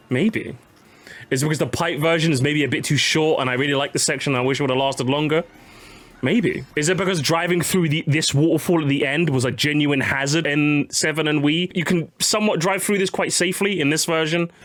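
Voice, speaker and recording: A young man chatting casually on a live stream, animated and jokey, talking to his chat. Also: fairly high pitch. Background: faint game music.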